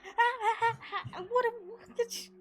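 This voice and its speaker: A woman voicing an excitable, nervous male flying centaur who gushes and stammers in a tabletop game. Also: fairly high pitch, unhurried, a little hiss or hum, close to an everyday voice. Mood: panicked. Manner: gushing, stammering, panicky.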